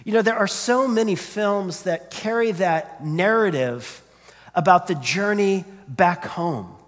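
High-voiced preacher in a reverberant hall. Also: male voice, animated, slow. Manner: earnest, repeats words when starting sentences. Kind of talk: sermon.

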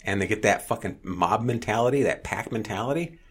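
A man telling a story in casual chat, blunt, profane and animated. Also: lowish voice, brisk, husky.

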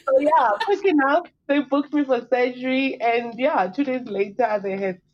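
High-voiced woman, lo-fi. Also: moderate pace. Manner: animated, laughs often, acts out quotes. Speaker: podcast guest. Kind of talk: casual storytelling chat.

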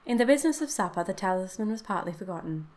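A woman narrating a classic short story in a steady, measured storybook reading. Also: medium pitch.

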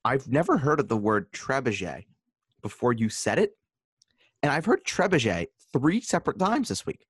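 Lively deadpan man, dry sound. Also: mid-range voice, normal speed, breathy edge, dry recording. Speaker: podcast co-host. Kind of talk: casual fantasy football chat.

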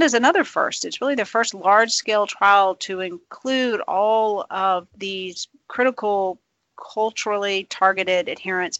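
Bright, encouraging interviewer. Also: medium pitch, no room sound, low-quality recording. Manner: warm, encouraging, congratulatory. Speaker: interviewer for a cancer charity. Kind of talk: interview questions.

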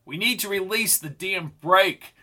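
A male narrator plays a ruthless outlaw in an audiobook western. He is curt and menacing, with a cold, scornful edge. His voice is slightly high and bright. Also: unhurried, heavily acted.

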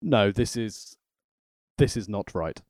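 A man's voice: on the low side, expressive, slow pace, darkish tone, no echo. A man co-hosting a casual wrestling podcast, talking with dry, sarcastic wit. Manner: wry, sarcastic commentary.

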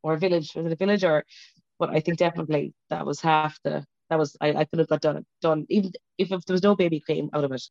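A woman's voice: sits low, fairly even intonation, quick pace, creaky, darkish tone, no echo, lo-fi sound. A woman, an interview guest, telling an emotional personal story in a rambling, self-interrupting way, speaking over a video call. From Ireland.

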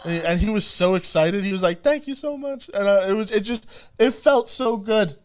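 A young adult man in casual chat, telling lively stories and acting out what people said. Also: high-pitched, fairly quick, a little hiss or hum. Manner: animated storyteller, quotes himself and others. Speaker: guest, actor.

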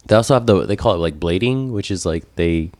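A man's voice: deep voice, fast, no room sound. A man in casual chat, animatedly retelling a story and acting out the people in it. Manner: animated retelling, acts out voices.

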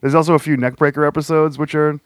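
A man's voice: fairly high pitch, flat delivery, fast, no room sound. A man co-hosting a casual podcast, joking around and laughing often, now and then slipping into goofy voices. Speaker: podcast co-host. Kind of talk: casual chat.

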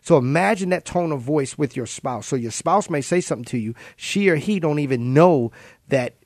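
A man's voice: fairly high pitch, expressive, normal speed, darkish tone, no room sound. Earnest man telling a story up close. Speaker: co-host. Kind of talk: casual faith-based podcast chat.

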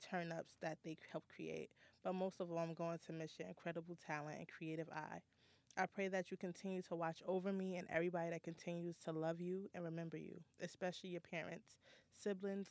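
A woman guest reading a heartfelt prepared tribute to a friend, slow and tender. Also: fairly low pitch, a little mellow, no echo.

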